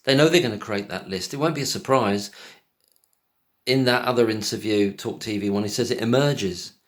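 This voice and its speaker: Lowish-voiced guy ranting over a clip, scornful, lots of rhetorical questions. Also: normal speed. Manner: scornful, talks over clips with pointed questions. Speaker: commentator reacting to a podcast clip. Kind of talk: casual spoken commentary.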